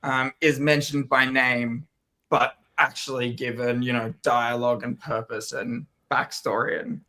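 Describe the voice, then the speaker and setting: A young man from Australia talks through his answers as an interview guest. His voice sits at an ordinary middle pitch. He rambles easily, circling back with fillers and restarts. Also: level tone, measured pace, pushed and bright. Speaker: actor guest. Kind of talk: casual interview chat.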